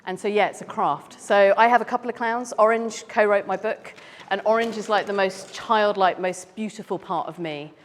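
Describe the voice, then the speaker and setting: A British clown and speaker answers questions from a live audience in a large event hall, bantering playfully in a medium-pitched, steady voice at a moderate pace with hardly any pauses. Long hall reverb and slight background noise color the recording.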